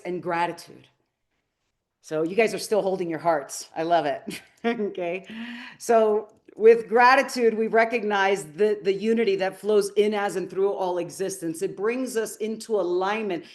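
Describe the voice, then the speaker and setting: A woman's voice: medium pitch, darkish tone. Earnest inspirational woman speaker. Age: middle-aged. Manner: earnest, inspirational, storytelling with audience questions. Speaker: motivational speaker. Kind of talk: live masterclass talk to an audience.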